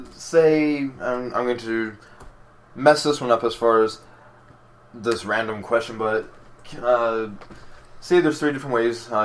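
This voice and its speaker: A man co-hosting a podcast in casual chat, cracking jokes and halting with false starts. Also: mid-range voice. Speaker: podcast co-host.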